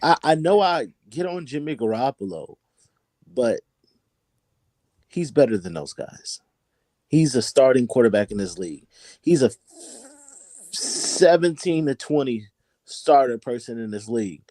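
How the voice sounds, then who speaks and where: A man with a dark, mellow voice lays out his sports opinions with emphasis, doubling up words as he gets going. The sound is dry and close, with no room around it. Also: mid-range voice, animated, unhurried, long pauses, no room sound. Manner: emphatic, repeats words when fired up. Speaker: call-in guest on a sports podcast. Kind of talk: animated sports opinion talk.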